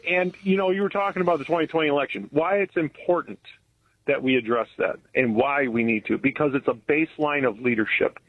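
A man's voice: on the high side, fairly quick, husky. A man calling in to a talk radio show, speaking in an earnest, folksy way. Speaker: caller. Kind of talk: call-in radio chat. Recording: tinny phone line.

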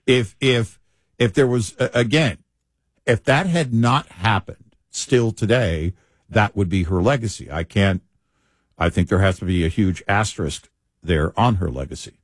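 A man co-hosting a talk show, speaking in a measured, deliberate way with hesitant restarts. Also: lowish voice, no room sound. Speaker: co-host. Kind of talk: opinionated talk-show banter.

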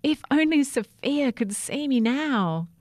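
Sammy is a hopeful little toothbrush boy in a storybook, played by a woman, his voice pitched high and lively. He speaks slowly and eagerly, swooping up on every plea. The sound is dry and close. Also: no echo. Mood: earnest.

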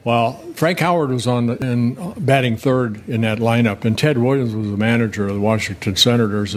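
Older man, ex-pitcher guest, rambling storyteller with chuckles, slight background hiss. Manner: rambling, self-correcting, chuckling anecdotes. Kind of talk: casual interview storytelling.

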